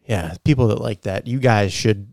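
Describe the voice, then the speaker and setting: A man's voice: lowish voice, normal speed, gravelly, dry recording, studio quality. A young man with a Boston-area accent from Massachusetts, chatting casually and profanely over beers as a podcast co-host. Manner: animated, profane, laughing storyteller.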